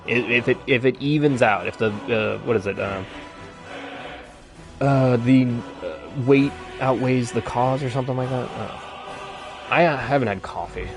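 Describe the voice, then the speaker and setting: A man's voice: mid-range voice, a little slow, over music. A man chatting casually on a live stream, rambling and swearing freely as he rants.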